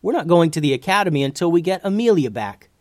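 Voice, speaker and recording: A man voicing a panicky young boy in a storybook, speaking high and nervously. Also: wildly swooping pitch, unhurried, no echo, studio quality.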